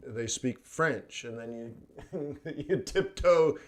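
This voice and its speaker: A man's voice: fairly high pitch, animated, slow pace. A man hosting a trading livestream in casual chat, rambling between topics, laughing often and acting out quoted voices. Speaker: forex trading livestream host.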